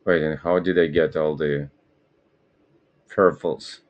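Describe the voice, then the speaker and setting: A man's voice: rumbling low, fairly even intonation, slow, lo-fi sound. A man hosting a live trading stream, rambling and correcting himself in casual market commentary. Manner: rambling, self-correcting, apologetic.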